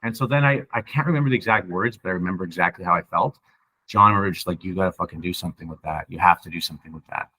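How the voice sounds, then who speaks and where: A man's voice: low voice, very fast, bright, forceful tone, husky, rough recording. A young man from Canada talking casually in an interview, rambling and emphatic, with many "right?" asides. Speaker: podcast guest sharing his sobriety story.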